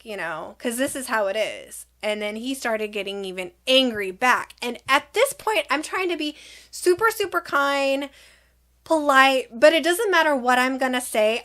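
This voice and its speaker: Animated middle-aged woman telling a story. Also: a little high. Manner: animated, acts out both sides of the argument in quick reported dialogue. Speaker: vlogger telling a personal story. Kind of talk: casual storytime.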